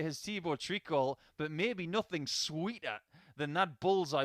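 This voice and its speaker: A man's voice: a little high, normal speed, hardly any pauses, a bit bright, no echo. A man giving live darts commentary in a chatty, upbeat way with small personal asides.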